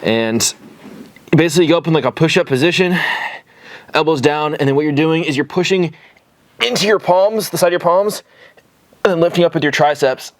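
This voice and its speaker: A man's voice: a little high, brisk, pauses often. Young male fitness vlogger, breathless, rambling and casual, home bedroom setup. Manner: loose and rambling, swears casually. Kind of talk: casual workout instruction. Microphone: camera on a tripod.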